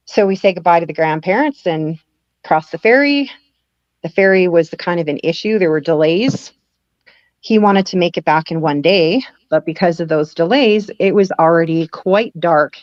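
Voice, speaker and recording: A woman's voice: lowish voice, normal speed, darkish tone, no room sound. A woman guest in an interview, telling a personal story and acting out the lines of people in it. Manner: acts out quoted dialogue, laughing at times. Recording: dull lo-fi sound, dry.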